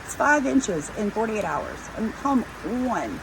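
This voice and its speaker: A woman's voice: mid-range voice, a little slow, gravelly, noisy background. A middle-aged woman, animatedly telling a story about her farm day to her viewers. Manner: animated, chatty storyteller addressing viewers as y'all. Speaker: homesteading vlogger. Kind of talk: casual storytelling vlog.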